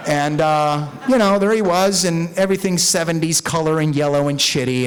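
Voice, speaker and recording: A middle-aged man from Mexico, speaking at a recovery meeting in a profane, rambling, animated storytelling style before an audience. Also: on the high side. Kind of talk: candid storytelling talk.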